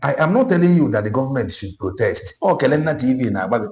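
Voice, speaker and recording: Fast and darkish in tone, this man's medium-pitched voice swings widely in pitch. He's an online political commentator with a Nigerian Igbo accent, moving between Igbo and English in an impassioned political monologue marked by emphatic repetition.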